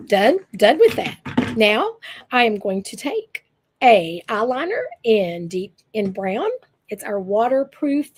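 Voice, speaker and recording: An older woman, chatting casually and rambling through a makeup tutorial as a makeup consultant. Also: fairly high pitch. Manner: chatty, rambling, self-correcting.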